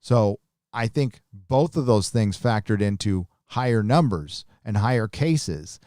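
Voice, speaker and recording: A man's voice: fairly low pitch, lively intonation, a little slow, darkish tone, no echo, clean studio sound. A man hosting a live stream, chatting casually and reading viewer comments in a blunt, profane, rambling way.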